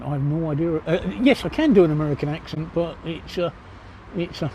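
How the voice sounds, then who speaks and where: A man's voice: on the high side, fairly quick, warm tone, muffled recording, a little hiss or hum. Rambling, swearing Cockney man. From East London, England. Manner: rambling and blunt, swears freely. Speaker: livestreamer. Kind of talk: casual livestream chat answering viewers. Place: outdoor pub seating by a street.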